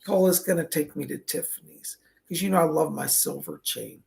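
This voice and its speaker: Raspy, chatty psychic host. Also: male voice, fairly high pitch, very animated, normal speed. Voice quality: raspy, strained from a cold. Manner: chatty, effusive, greets viewers by name. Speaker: psychic medium livestream host. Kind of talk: casual livestream chat. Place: indoors at a table.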